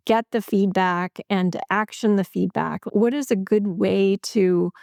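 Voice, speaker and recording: A woman's voice: lowish voice, vocal fry, darkish tone, no echo, clean studio sound. A woman hosting an interview podcast, setting up a question in a hesitant way with many fillers. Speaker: podcast host.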